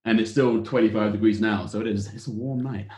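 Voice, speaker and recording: Relaxed male caller with roomy sound. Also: lowish voice, fast. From England. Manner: relaxed, laughs easily, repeats words. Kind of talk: casual chat. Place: home in London, video call. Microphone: headphones on video call.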